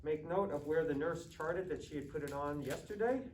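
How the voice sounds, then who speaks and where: A man's voice: a little high, normal speed, a little mellow, distant mic. A male nursing student methodically talking himself through a practice medication round, step by step. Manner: methodical, thinking aloud step by step. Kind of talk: narrated skills demonstration. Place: simulated hospital ward with med cart. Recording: roomy, off-mic, faint background noise.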